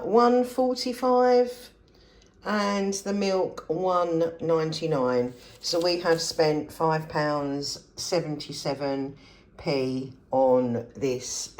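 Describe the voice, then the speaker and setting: A woman's voice: low-pitched, darkish tone, roomy sound. An older woman from England chatting casually to camera in her kitchen, rambling cheerfully through her shopping. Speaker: frugal living vlogger.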